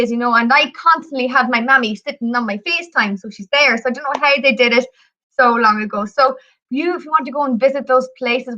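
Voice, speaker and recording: A Northern Irish woman chats with enthusiasm on a radio travel show and spins folk stories. Her voice sits high and bright. The recording is dull and lo-fi. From Northern Ireland. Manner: lively, chatty, enthusiastic. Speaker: travel company guest. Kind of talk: radio talk show storytelling and pitch.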